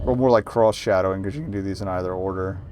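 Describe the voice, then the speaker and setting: A man streaming a game, talking through it in wry, low-key asides. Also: fast, noisy background. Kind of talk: casual let's-play commentary.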